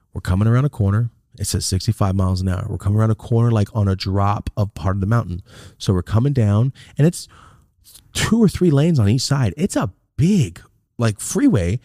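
A man's voice: low-pitched, mellow, no echo, clean studio sound. A man casually telling a rambling, profane road-trip story as a podcast host.

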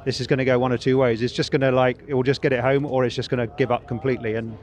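Male race engineer, mid-low voice, halting and relieved, outdoor paddock interview. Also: flat delivery. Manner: relieved, halting, many fillers. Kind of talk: quick interview.

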